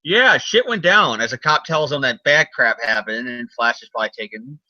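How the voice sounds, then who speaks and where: Bright, jokey man recapping comics. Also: medium pitch, lively intonation, normal speed, no room sound, lo-fi sound. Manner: jokey, drops into silly voices and swears. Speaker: podcast co-host recapping comics. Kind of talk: casual comic podcast chat.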